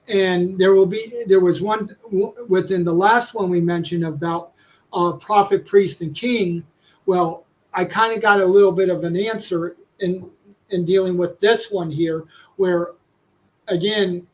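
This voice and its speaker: High-voiced man, halting and searching. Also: a little mellow, low-quality recording. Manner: halting, searching for words with many restarts. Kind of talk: casual livestream discussion.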